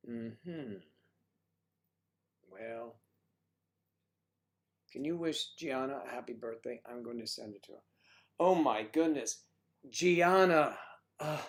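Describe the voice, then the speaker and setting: Guy hosting a chill livestream, reading chat out loud, teasing folks and calling them honey. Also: mid-range voice, animated, slow, pauses often. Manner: chatty, teasing, calls viewers honey and sweetie.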